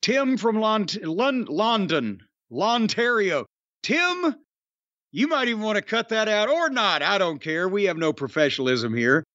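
A man with a fairly high, animated voice reads listener tributes on a podcast, wry and offhand, tripping over a name now and then. The recording is dry and close, with a slightly dull, lo-fi tone. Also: moderate pace, no echo. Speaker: podcast co-host. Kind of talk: casual podcast chat, reading listener tributes.

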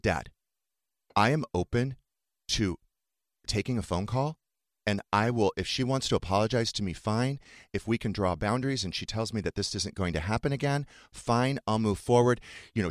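A man's voice: lowish voice, no room sound, clean studio sound. A man hosting a talk podcast, candidly and emotionally retelling a painful family fight in casual chat. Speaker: podcast host.

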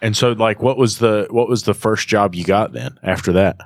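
A male podcast host interviewing a guest, eager and laughing with quick affirmations. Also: fairly low pitch, no room sound, clean studio sound. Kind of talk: casual interview chat.

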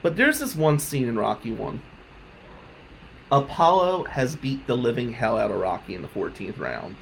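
A man telling a personal story on his podcast, heartfelt, moving between loud emphasis and quiet reflection. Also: mid-range voice, sing-song, normal speed, gravelly, slight background noise, rough recording. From South Jersey. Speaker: podcast host.

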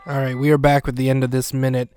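A man hosting a podcast, recapping a scene in a casual way with wry, deadpan asides. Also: medium pitch, fast talker, noisy background. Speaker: podcast host.

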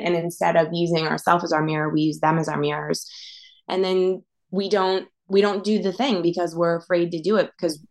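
A woman guest on a podcast, in casual chat, reflecting aloud and asking questions as she thinks things through. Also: lowish voice.

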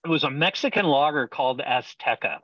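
A man's voice: medium pitch, expressive, fairly quick, fairly bright tone, no echo, muffled recording. A man, a brewer, telling rambling stories in a casual interview and laughing often. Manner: rambling anecdotes with frequent laughter. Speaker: brewer, podcast guest.

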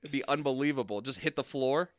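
Smooth-voiced man, joking podcast co-host. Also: medium pitch, quick pace, no room sound, studio quality. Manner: laughing, goofy, swearing freely. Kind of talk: casual comedic chat.

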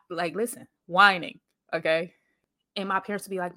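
Animated woman podcaster telling stories. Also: on the low side, normal speed, no room sound, clean studio sound. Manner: animated storyteller, acts out quoted voices, laughs often. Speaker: podcast host. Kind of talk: casual motivational monologue.

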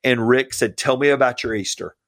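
Talking a little quickly at medium pitch, a Georgia-born pastor shares earnest, heartfelt stories as a podcast guest. The casual interview is captured cleanly in a studio with no echo, and he grows warm when recalling his mentors.

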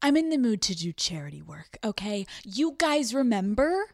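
A woman's voice: fairly high pitch, very animated, normal speed, creaky, darkish tone, dry recording, clean studio sound. Brash, profane podcast woman. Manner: brash, profanity-laced storytelling. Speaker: podcast host. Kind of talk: comedic podcast monologue.

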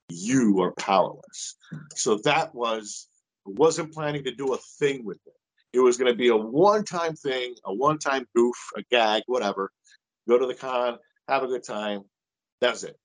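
A middle-aged man telling a story as an interview guest, animated and casual, with a little swearing. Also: medium pitch, poor audio.

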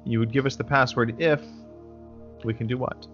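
A man's voice: mid-range voice, fairly even intonation, a bit bright, lo-fi sound, faint music behind, natural voice. A man voicing a polite, persuasive male adventurer in a tabletop game. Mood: courteous. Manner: slow, courteous, persuasive. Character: adult male adventurer, polite and smooth-talking.

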